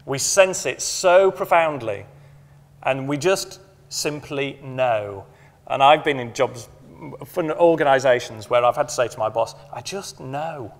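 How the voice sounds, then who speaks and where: A middle-aged man giving a motivational conference talk, emphatic, repeating key phrases and slowing down to stress them. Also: medium pitch. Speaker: conference speaker. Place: conference hall. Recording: long hall reverb from a conference room.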